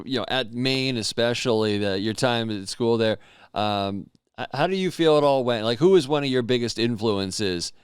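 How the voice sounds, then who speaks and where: Smooth-voiced man asking rambling questions. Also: medium pitch, no room sound, studio quality. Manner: rambling question-asker with many fillers. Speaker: podcast co-host. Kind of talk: casual podcast interview.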